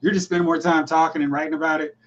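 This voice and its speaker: A man hosting a casual movie chat, joking and animated, with quick asides. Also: fairly high pitch, muffled recording. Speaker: podcast host.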